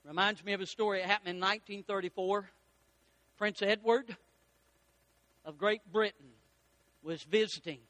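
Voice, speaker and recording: A man preaching a folksy sermon, rising to loud peaks and slowing down for emphasis. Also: high voice, steady tone, no echo. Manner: folksy preaching with dramatic rises and slowed emphasis. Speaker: pastor.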